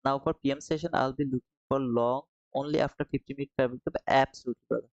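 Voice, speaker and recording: A man's voice: medium pitch, fairly even intonation, quick pace, gravelly, dry recording, lo-fi sound. A man hosting a live trading stream, reading viewers' comments aloud and answering them in a friendly, casual way, calling them brother and man.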